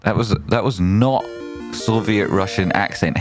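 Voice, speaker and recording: A man hosting a live trading stream, reading viewer messages aloud with excitable swearing and silly wordplay. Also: lowish voice, normal speed. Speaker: trading livestream host.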